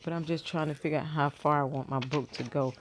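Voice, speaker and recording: A woman's voice: deep voice, steady tone, fast talker, slight background noise. A woman in her fifties chatting casually to her viewers from bed, rambling and thinking aloud with many fillers and restarts. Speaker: vlogger. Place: in bed at home.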